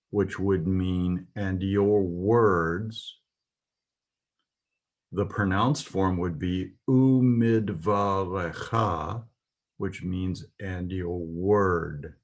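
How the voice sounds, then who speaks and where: A man with a husky voice teaching a lesson, reading words slowly and carefully with some pauses. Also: deep voice. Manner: spells out words carefully, pausing with "uh". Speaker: Hebrew teacher. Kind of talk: slow, deliberate lesson.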